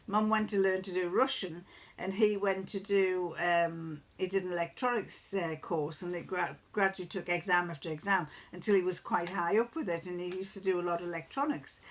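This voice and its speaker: A woman's voice: fairly low pitch, fairly even intonation, moderate pace. Chatty woman rambling through anecdotes. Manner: rambling storyteller, chuckles often, many restarts. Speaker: crafting vlogger. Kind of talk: casual chat.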